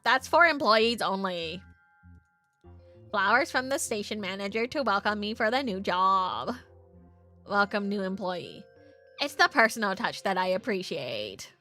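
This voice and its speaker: Casting: woman playing a showy, self-adoring game psychic, bright and breezy. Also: mid-range voice. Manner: breezy fake presenter voice. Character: vain showy female TV psychic. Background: faint game music.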